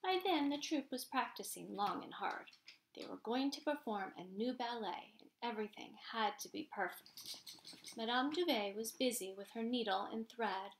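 A woman reading a children's picture book aloud, in a gentle, expressive storytelling manner. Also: a little high, normal speed, slight background noise. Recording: roomy echo.

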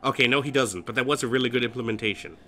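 A man's voice: medium pitch, very fast, bright, forceful tone, a little hiss or hum. A man hosting a horror game let's play, nervous and jumpy, swearing often and cracking self-mocking jokes.

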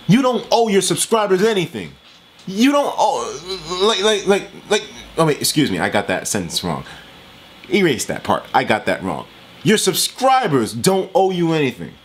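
A man's voice: fairly high pitch, wildly swooping pitch, normal speed, slight background noise. Fired-up, swearing male gaming host. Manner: worked up, profane, repeats himself. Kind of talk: ranting commentary over gameplay.

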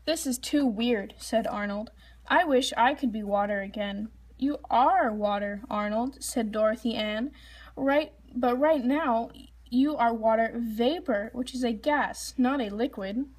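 A woman's voice: on the high side, measured pace. A woman reading a children's storybook aloud, lifting her voice for the characters' lines. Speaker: reader.

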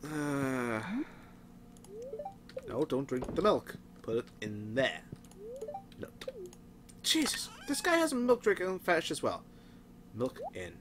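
A man's voice: mid-range voice, sing-song, takes it slowly, pauses often, noisy background. A man hosting a let's play, easily amused, laughing and talking to his game horse in mock-grand tones. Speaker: gaming channel host. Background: game music.

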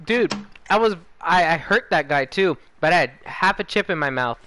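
A man's voice: on the high side, lively intonation, normal speed, sharp tone. A young man streaming a shooter game, chatting casually and joking with his friends. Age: young adult. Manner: joking, relaying what friends say. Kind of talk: casual chat while gaming.

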